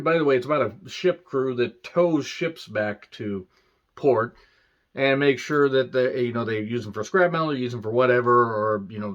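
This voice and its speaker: Male reviewer, sarcastic rambling rant, mid-pitched, on a dull lo-fi recording. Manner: sarcastic, rambling, profane asides. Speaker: movie reviewer. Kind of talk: casual ranting film review.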